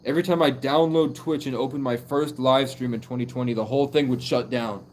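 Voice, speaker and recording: A man's voice: mid-range voice, steady tone, a little fast, a little mellow, a little hiss or hum. A young man livestreaming and talking in a loose, rambling way, full of "like" fillers. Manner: rambling, heavy use of "like" fillers. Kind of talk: casual live stream monologue.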